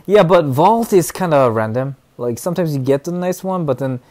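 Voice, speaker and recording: A young man giving excitable, chatty commentary while streaming a shooter game, dropping to mumbles and then bursting out loud. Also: fairly high pitch, moderate pace. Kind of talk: live gameplay commentary.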